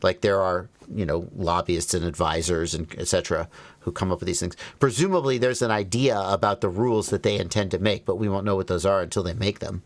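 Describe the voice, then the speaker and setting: His voice sits low and steady, moving fairly quickly on dry audio. As the livestream's host, he reads out phrases and works through them with wry remarks.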